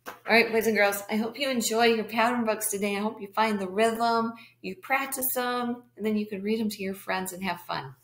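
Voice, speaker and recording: A woman teaching kindergarteners a reading lesson, speaking slowly and encouragingly straight to the children. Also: medium pitch, steady tone. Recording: echoey room.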